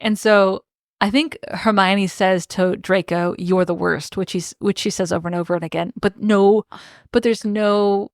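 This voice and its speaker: Woman co-host recapping a story, animated. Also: medium pitch, no echo, studio quality. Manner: animated storytelling, mimics characters in quick quotes, swears freely. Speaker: podcast co-host. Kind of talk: casual book-recap chat.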